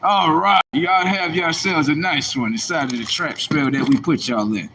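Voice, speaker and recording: A man's voice: fairly high pitch, normal speed, noisy background. Combative man streaming a preachy rant. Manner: preachy, combative, rhetorical questions. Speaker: livestream host. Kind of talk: casual livestream monologue.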